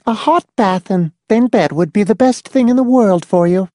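A woman voicing a prim, controlling schoolteacher type, speaking in a dry, dispassionate, calmly insistent tone. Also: mid-range voice, moderate pace, dry recording, close to an everyday voice. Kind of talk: audiobook dialogue reading.

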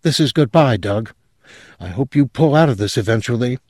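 A man's voice: medium pitch, expressive, moderate pace, a little mellow, no room sound, studio quality, natural voice. A man voicing a fed-up wife who speaks in a level, controlled, toneless way, in an audiobook reading. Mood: flat. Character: cold, fed-up wife walking out.

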